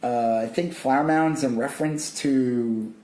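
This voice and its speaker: A man co-hosting a casual podcast chat, animated and laughing as he tells stories and acts out quotes. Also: mid-range voice, a little slow, echoey room. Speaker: podcast co-host.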